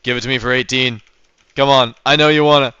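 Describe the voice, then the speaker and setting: A young man streams a game and chats with his viewers, rambling and correcting himself as he goes. His voice is smooth and clear, dry and close, though the mic sounds dull and lo-fi. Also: mid-range voice, steady tone, fairly quick, bright, forceful tone, no echo. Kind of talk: casual livestream commentary.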